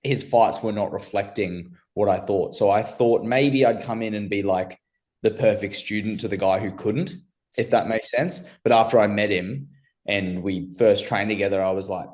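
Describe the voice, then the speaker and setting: A man's voice: fairly low pitch, normal speed, darkish tone. A young man being interviewed, laid-back and slangy, calling people bro. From Australia. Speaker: amateur MMA fighter guest. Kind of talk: casual interview chat.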